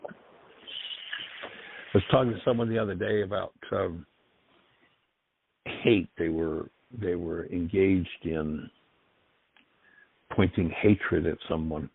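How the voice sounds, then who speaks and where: A low, gravelly man hosts a call-in radio show in an earnest, encouraging way. His voice is husky and reflective. The sound is thin and phone-like, with no room echo at all. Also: steady tone, takes it slowly, pauses often. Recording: dry, tinny phone-like line.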